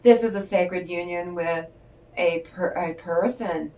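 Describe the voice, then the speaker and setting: A woman's voice: on the low side, takes it slowly, darkish tone. An older woman giving a tarot reading in a chatty, rambling storytelling way, laughing often. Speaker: tarot reader. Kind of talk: casual spiritual chat and storytelling. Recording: voice distant from the mic.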